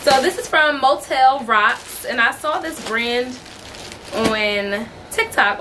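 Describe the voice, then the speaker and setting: A woman's voice: sits high, unhurried, pushed and bright, slight background noise. A young woman chatting casually at home as a beauty vlogger, giggly and full of fillers like "like" and "um". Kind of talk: casual vlog chat. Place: at home, indoors.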